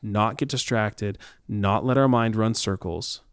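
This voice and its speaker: A man co-hosting a casual faith discussion, talking reflectively with many pauses and ums. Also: lowish voice, smooth, no room sound, studio quality.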